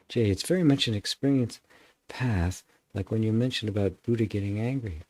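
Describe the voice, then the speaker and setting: Man, spiritual teacher hosting a live Q&A, husky low voice, reflective and searching. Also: darkish tone. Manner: musing, stops and restarts, often adds "right?". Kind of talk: reflective spiritual teaching, answering chat comments.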